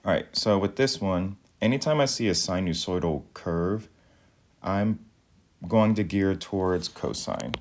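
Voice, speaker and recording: A man, a math teacher, explaining step by step in a calm, methodical recorded video lesson. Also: low voice, a little slow.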